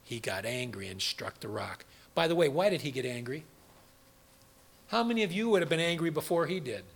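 A man's voice: on the high side, big pitch swings, a little fast, gravelly. A middle-aged man preaching a sermon, asking the audience questions and acting out quoted voices. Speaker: pastor.

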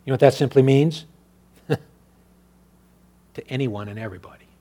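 A man preaching a sermon in a repetitive, rhythmic cadence, dropping to hushed low asides and then rising to loud exhortation. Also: normal speed. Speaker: pastor.

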